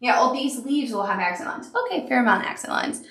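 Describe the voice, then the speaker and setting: A woman's voice: fairly high pitch, fast talker, fairly bright tone. A woman giving a chatty, upbeat sewing tutorial while she works. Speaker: sewing instructor. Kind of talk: crafting tutorial. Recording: echoey room.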